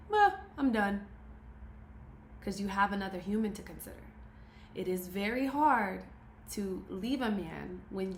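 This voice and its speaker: A woman speaks straight to camera in a motivational talk, pressing her points hard and circling back to the same phrases for emphasis. Her voice sits mid-range. The sound is roomy and echoey, with a faint ambient hum behind it. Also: medium pitch. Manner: emphatic, preachy, repeats key phrases.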